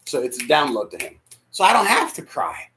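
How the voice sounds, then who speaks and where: An emotional male pastor preaching in a church, his voice high and swinging widely in pitch. He drops to hushed near whispers, then climbs to shouts. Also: huge pitch swings, a little fast, slight background noise. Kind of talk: sermon. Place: church sanctuary.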